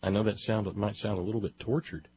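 Impassioned husky-voiced male commentator. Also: on the low side, fairly even intonation, fast talker. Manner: emphatic, building lists with rising force. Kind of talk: impassioned opinion monologue. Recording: dull lo-fi dry recording.

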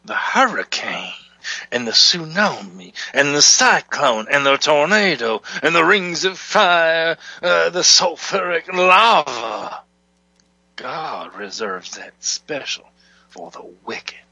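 Comic televangelist preacher, fire and brimstone, played by a man, lively swooping voice. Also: slow, dry recording, dull audio, exaggerated voice. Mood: fiery. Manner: preachy, booming, asks for donations. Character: bombastic fire-and-brimstone male televangelist pastor. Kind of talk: parody sermon banter.

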